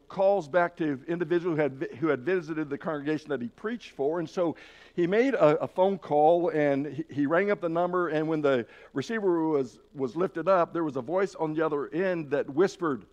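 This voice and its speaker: A man delivers a Sunday sermon with an earnest, encouraging tone, his voice sitting a touch higher than most men's. He often backs up and restarts a phrase before pressing on. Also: moderate pace, a little mellow, lo-fi sound. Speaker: preacher.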